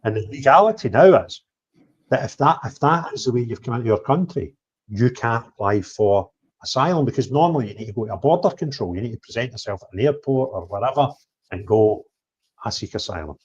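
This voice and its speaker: A man telling of his travels in an animated livestream chat, blunt, swinging between loud outbursts and low mutters. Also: fairly quick. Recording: dull lo-fi stream audio.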